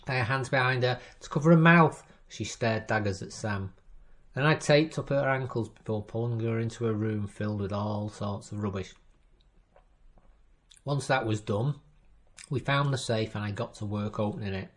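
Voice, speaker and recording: A man reads a first-person crime story aloud at an even, measured pace. His voice sits in an ordinary middle register, and the delivery carries a dry, wry edge. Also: medium pitch. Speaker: story reader. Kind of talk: scripted first-person narration.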